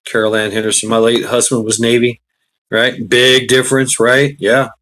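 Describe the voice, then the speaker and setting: A man's voice: mid-range voice, flat delivery, normal speed, fairly bright tone. Brash streamer, mid-range male voice, blunt profane rant to his chat, frequent laughs. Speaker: livestream host. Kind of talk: casual ranting commentary to live chat. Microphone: computer mic on a live stream.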